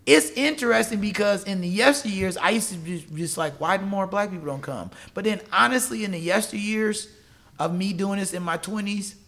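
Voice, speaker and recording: Animated man with a gravelly, bright voice. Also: high voice, normal speed. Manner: animated, laughing storyteller. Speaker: gym owner and Muay Thai trainer. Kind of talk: podcast guest storytelling.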